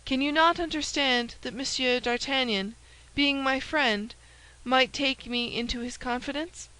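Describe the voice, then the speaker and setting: A woman voicing a cunning, scheming woman who speaks with a smooth, falsely sweet warmth. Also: sits high, a little slow, poor audio. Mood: persuasive.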